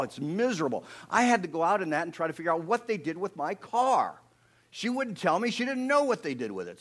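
Animated middle-aged man preaching. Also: a little high. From Pennsylvania. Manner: animated storytelling, acting out voices, swinging from loud to hushed. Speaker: pastor. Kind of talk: sermon.

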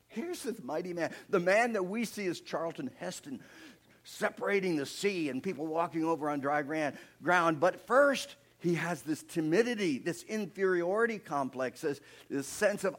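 A middle-aged man preaching a sermon with animated storytelling, swinging between soft, low asides and loud, emphatic passages. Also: moderate pace. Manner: earnest, personal asides.

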